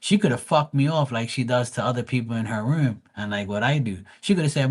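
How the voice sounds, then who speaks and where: A man chats loosely while telling a story, a psychic reader on a livestream. He swears freely and rambles, often breaking off and restarting his sentences. His voice sits at an everyday middle pitch. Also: brisk, few pauses, husky. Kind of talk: casual storytelling.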